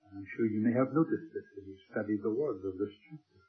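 An older man preaching a sermon, his delivery swinging from loud emphasis to quiet, hushed lines. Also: lowish voice, quick pace. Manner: dynamic, swings from loud emphasis to soft near-whisper. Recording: tinny phone-like sermon recording.

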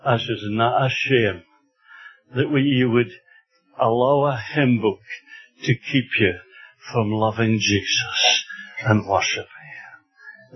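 A man from Scotland preaching a sermon in an earnest, unhurried way, building to emphatic passages. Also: medium pitch, breathy edge, soft background music. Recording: dull lo-fi recording.

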